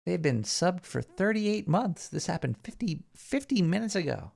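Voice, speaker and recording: A man hosting a live show, rambling and joking as he thinks out loud. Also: sits high, expressive, fairly quick, creaky, few pauses. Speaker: show host. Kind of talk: casual live show banter.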